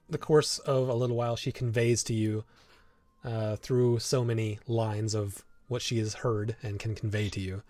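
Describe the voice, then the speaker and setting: A man's voice: medium pitch, darkish tone, no echo. A man running a tabletop game as game master, narrating loosely with fillers and frequent laughs.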